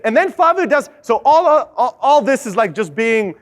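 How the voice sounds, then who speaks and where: A young man speaking at a conference, telling a lively sales story, swearing freely and acting out the other people's lines. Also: extremely high pitch, brisk, few pauses. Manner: animated, swears, acts out quoted voices. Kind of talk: energetic storytelling talk. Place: conference stage.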